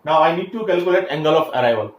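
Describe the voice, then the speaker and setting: Male lecturer, a touch higher voice, talks through steps with fillers; roomy recording with light hiss. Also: lively intonation, rapid-fire. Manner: explains step by step with frequent fillers and restarts. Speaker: engineering lecturer. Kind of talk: classroom lecture. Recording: echoey room, faint background hiss.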